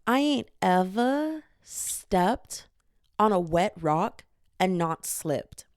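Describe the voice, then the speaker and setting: A young woman hosting her own show, telling a funny travel story in a casual, animated way with quick asides and laughter. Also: mid-range voice, no echo, studio quality. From family from Dominica. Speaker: podcast host.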